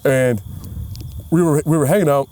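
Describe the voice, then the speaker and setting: A man co-hosting a casual comedy podcast, telling a story in an animated way and acting out quoted voices. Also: fairly high pitch, moderate pace. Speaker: podcast co-host.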